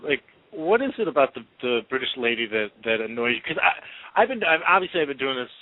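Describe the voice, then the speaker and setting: A man's voice: mid-range voice, big pitch swings, fast talker, no echo. Rambling man over a phone line. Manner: rambling, hesitant with many fillers. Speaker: blog podcast co-host. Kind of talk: casual radio chat.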